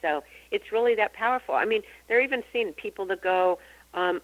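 An earnest woman talks through a radio interview at an even middle pitch. She explains her ideas with conviction and now and then acts out the people she quotes. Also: a little fast, rough recording. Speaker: guest psychic and author.

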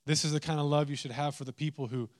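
A man preaching a sermon, animated and humorous, swinging into mock exasperation. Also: on the high side, fast. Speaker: pastor.

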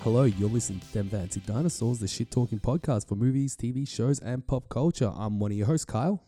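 An Australian man hosting a podcast, his voice warm and mellow and recorded dry, close to the mic. He rambles in casual banter, full of fillers and the odd swear. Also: medium pitch, fairly quick, breathy edge, dry recording, soft background music. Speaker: podcast host.

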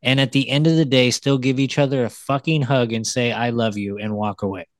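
A man's voice: medium pitch, steady tone, fairly quick, dry recording. Earnest, profane male podcaster. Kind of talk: casual podcast chat.

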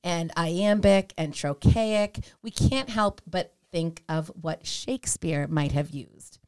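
A woman's voice: lowish voice, slow, darkish tone, clear, resonant tone. A middle-aged woman co-hosting a casual chat about hymns, explaining poetry in an earnest, explanatory way. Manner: explanatory, reads notes aloud. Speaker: podcast co-host.

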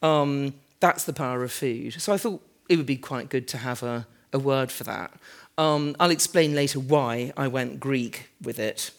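A woman's voice: rumbling low, normal speed, gravelly. A woman architect and author giving a live, conversational lecture in a large converted warehouse, chatty and self-deprecating with frequent "um"s and asides. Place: large former fruit warehouse event space.

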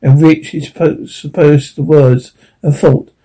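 Tearful young fiancée, small shaky voice, husky tone, read by a man. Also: on the high side, fairly even intonation, unhurried, warm tone, rough recording. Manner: trembling, small voice. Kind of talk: audiobook reading.

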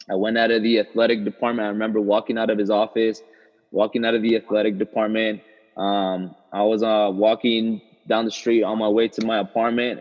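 A young man, a former college soccer player, telling his story in a casual interview, with loose, halting phrasing and many fillers and restarts. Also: fairly low pitch. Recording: roomy, slightly muffled sound.

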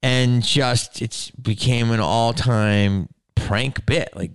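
A man hosting a podcast, telling a story in a casual, animated way with lots of swearing and laughing. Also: medium pitch, slow pace, clean tone, dry recording, clean studio sound. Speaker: podcast host.

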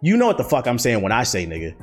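A man's voice: mid-range voice, wildly swooping pitch, fast, faint music behind. A young man, a streamer, ranting casually and bluntly with lots of profanity while answering viewer questions. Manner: profane, blunt, heated storytelling. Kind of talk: casual rant.

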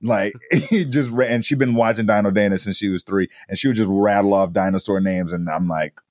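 A man in his thirties co-hosting a casual podcast chat, animated and rambling, laughing often. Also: fairly low pitch, fairly quick, dry recording, studio quality. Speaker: podcast co-host.

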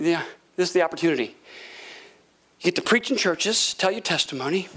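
A man's voice: high-pitched, lively intonation, a little fast, pauses often, fairly bright tone. A man preaching a charismatic sermon, laughing often and repeating words for effect. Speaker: pastor.

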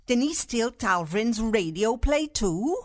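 A calm, measured friend. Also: female voice, on the high side, no echo, clean studio sound. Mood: gentle. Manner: measured, gentle. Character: calm, sensible woman, measured. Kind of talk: radio sitcom acting.

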